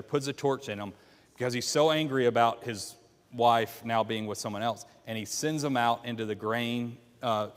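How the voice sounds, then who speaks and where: A man teaching a church Bible class, retelling a story and putting questions to the class. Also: medium pitch. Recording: long hall reverb.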